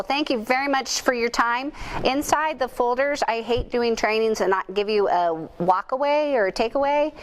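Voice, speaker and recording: A middle-aged woman speaking at a conference, telling a personal story in a candid, self-deprecating, animated way. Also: fairly high pitch, a little hiss or hum. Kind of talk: storytelling keynote talk. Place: conference room.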